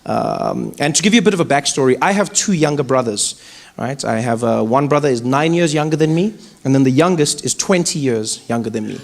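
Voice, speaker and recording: A male stand-up comedian telling stories on a live stage in an animated, playful way, using a handheld mic. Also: mid-range voice, a little fast, gravelly. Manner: animated, playful storytelling with big vocal swings. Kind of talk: stand-up storytelling. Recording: live comedy club with noise.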